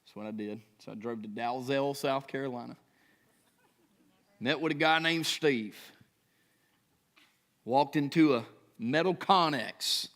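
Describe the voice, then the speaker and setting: A pastor in his thirties delivering a sermon in a relaxed, talk-it-through way, peppering his points with rhetorical questions and quick check-ins with the crowd. His voice sits at an ordinary middle pitch for a man. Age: 30s. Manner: conversational preaching with rhetorical questions and frequent "right?".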